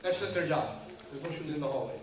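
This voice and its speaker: A man with a high voice gives a lively talk to an audience, joking and acting out family scenes as he goes. He is recorded from a distance in a hall with heavy echo. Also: fast. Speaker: Islamic speaker. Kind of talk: lecture to an audience. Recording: echoey hall, speaker far from mic.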